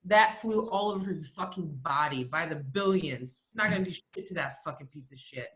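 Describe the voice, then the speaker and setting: A woman's voice: low voice, brisk, a bit bright. A woman co-hosting a podcast, telling stories in a profane, ranting, casual comedic chat. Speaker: podcast co-host.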